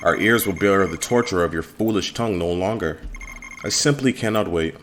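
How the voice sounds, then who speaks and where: A man reading the lines of a sharp-tongued female healer in a fantasy game, in a mocking, sarcastic tone. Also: low-pitched, normal speed, slight background noise.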